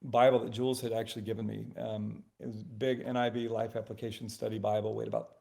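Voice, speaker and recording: Middle-aged man, gravelly, earnest storyteller, casual faith talk. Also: fairly low pitch, flat delivery, fast talker, a little mellow. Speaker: guest.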